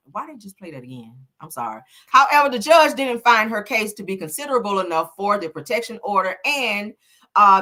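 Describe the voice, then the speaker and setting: A woman's voice: fairly low pitch, sharp tone. A woman hosting a casual celebrity gossip livestream, talking sassily to her chat and peppering her talk with "honey" and "child".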